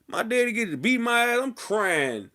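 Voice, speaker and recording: A man, an interview guest, telling a story in a casual, slang-filled way and loudly acting out the people in it. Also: very high-pitched, normal speed. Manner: animated, slangy, acts out quotes loudly.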